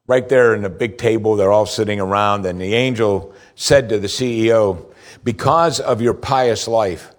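Earnest male preacher delivering a sermon. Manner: earnest, rises in pitch for emphasis, slows for scripture reading.

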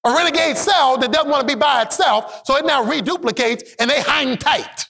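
A pastor preaching a sermon, swinging between shouted, emphatic peaks and low asides, and having the congregation repeat his lines back. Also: normal speed, gravelly. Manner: call-and-response, has the congregation repeat lines.

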